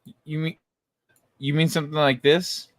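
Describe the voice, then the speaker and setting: A man's voice: fairly high pitch, level tone, moderate pace, heavy background noise. A young man co-hosting a casual chat, laid-back and joking while he explains things.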